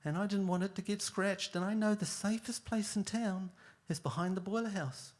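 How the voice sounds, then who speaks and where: A man's voice: sits high, normal speed, pitched above the performer's own voice, natural voice. A man voicing his brother on the witness stand as a meek, overly polite young man who keeps saying "sir". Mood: sheepish. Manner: sheepish, deferential, says "sir".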